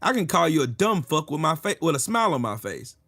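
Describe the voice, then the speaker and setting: Profane, combative man with a lively voice. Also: on the high side, brisk. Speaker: channel host. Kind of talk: ranting commentary.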